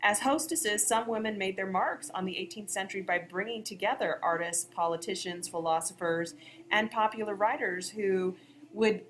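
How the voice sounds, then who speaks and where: In this educational history podcast, a female co-host and history teacher walks through events in a conversational style. She speaks at a moderate pace in a mid-range, fairly bright voice, and slight background noise is audible.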